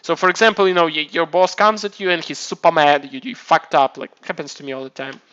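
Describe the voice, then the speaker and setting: A man's voice: fairly high pitch, fairly even intonation, quick pace, sharp tone, smooth, dull audio. A man casually chatting on his live stream, rambling and swearing, often restarting his sentences. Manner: rambling, profane, self-mocking, many restarts.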